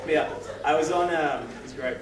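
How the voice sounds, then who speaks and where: At an open mic comedy night in an indoor room, a young stand-up comedian with a voice on the high side performs at a moderate pace. His set is rambling and self-deprecating, with the odd swear. It's recorded from afar in an echoey room, with a noisy, distant-mic sound.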